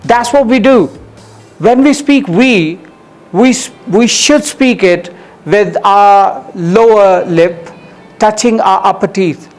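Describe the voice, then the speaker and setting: A man's voice: sits high, takes it slowly, darkish tone, faint music behind. A man with an Indian English accent, an English coach answering interview questions, explaining pronunciation with many ums and uhs.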